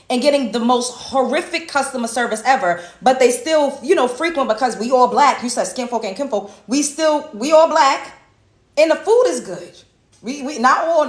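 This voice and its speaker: A woman's voice: on the high side, fairly bright tone, roomy sound. Blunt, profane American woman ranting. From United States. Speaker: reaction video host. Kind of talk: reaction commentary rant.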